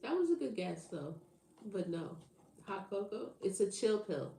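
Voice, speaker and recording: A woman's voice: medium pitch, sing-song, a little slow, gravelly, mellow, slight background noise. A woman chats casually with her livestream viewers as a tarot reader, slangy and teasing, laughing often. She takes her time with each line. Her voice carries a roomy echo. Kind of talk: casual live chat with viewers.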